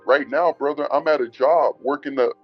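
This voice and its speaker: A man's voice: on the high side, normal speed, no room sound, dull audio, faint music behind. A man telling his story in an interview, blunt and heated, swearing and calling the host bro. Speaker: interview guest, former student. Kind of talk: emotional interview on a call.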